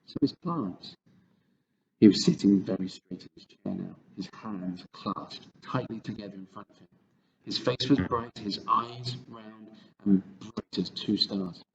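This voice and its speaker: A man calmly reading a children's book aloud. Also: fairly low pitch, unhurried, gravelly, muffled recording. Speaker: storyteller.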